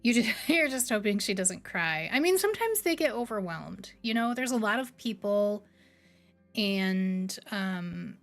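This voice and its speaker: A woman in her thirties, a streamer chatting casually with her live chat, rambling between bright greetings and quiet low asides. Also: expressive, a little slow, faint music behind.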